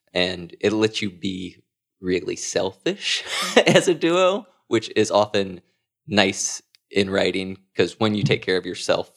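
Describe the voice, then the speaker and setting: A man, a sketch comedian, talking through his craft in a casual interview, thoughtful and quick to laugh. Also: deep voice, creaky, a bit bright. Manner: thoughtful, laughs often, quoting himself in asides.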